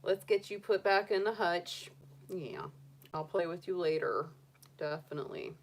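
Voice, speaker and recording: A woman's voice: lowish voice, normal speed, slight background noise. A middle-aged woman chatting casually on a livestream and cooing baby talk to her pet rabbit. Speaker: tarot reader and astrologer.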